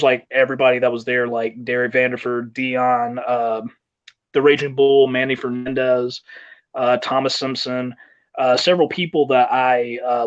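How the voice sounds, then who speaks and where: Rambling storytelling wrestler, muffled sound. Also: male voice, medium pitch. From South Carolina, US. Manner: rambling anecdotes with fillers and laughter. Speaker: wrestler and guest. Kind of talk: interview storytelling.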